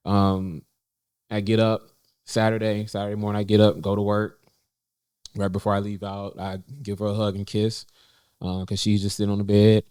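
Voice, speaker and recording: Low-voiced man telling a story haltingly. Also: darkish tone, smooth, dry recording, clean studio sound. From North Carolina, USA. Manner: halting, many fillers and restarts, voice lifts when quoting himself. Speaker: podcast co-host sharing a personal story. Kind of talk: casual heartfelt conversation. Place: indoors in a cafe.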